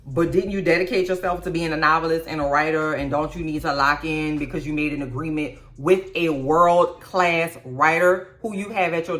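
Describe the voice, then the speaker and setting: A woman hosting a casual show recap, blunt and profane, with mocking asides. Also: lowish voice. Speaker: YouTube recap host. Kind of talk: casual reaction commentary.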